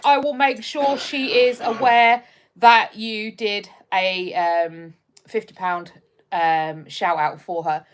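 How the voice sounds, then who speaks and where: Her pitch sits fairly high and her tone is fairly bright as she reads out viewer comments during a casual live stream. She's a young woman from just outside London, England, rambling along with lots of ums and restarts.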